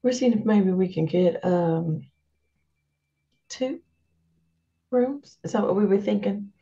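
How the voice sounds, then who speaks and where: A woman's voice: medium pitch, slow pace, gravelly, mellow, muffled recording. A woman playing a tabletop game, talking in a hesitant, laughing way. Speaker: player.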